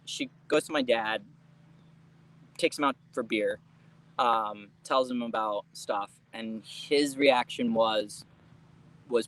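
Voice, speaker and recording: A man's voice: medium pitch, a little slow, poor audio. A young adult man telling family stories as an interview guest, chatty and laughing often, with casual swearing.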